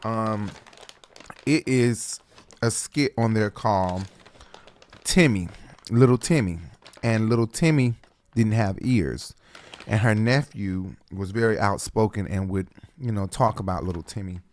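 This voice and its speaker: A man's voice: on the low side, measured pace, darkish tone. A man hosting a reaction video and talking through what he remembers in a hesitant, musing way. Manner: musing, hesitant, filler-heavy. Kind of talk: casual commentary.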